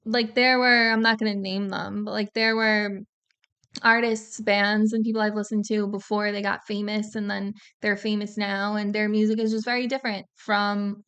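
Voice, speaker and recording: A woman's voice: mid-range voice, little pitch movement, moderate pace, a bit bright, smooth. A woman co-hosting a music reaction video, chatting casually with lots of filler words. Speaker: co-host of a music reaction channel. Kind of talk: casual chat.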